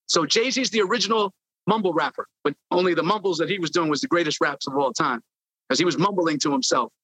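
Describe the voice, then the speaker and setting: A man's voice: on the high side, animated, fast talker, a bit bright, breathy edge, no echo, poor audio. A man in an interview, a former label intern telling stories animatedly and acting out quotes. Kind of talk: storytelling interview.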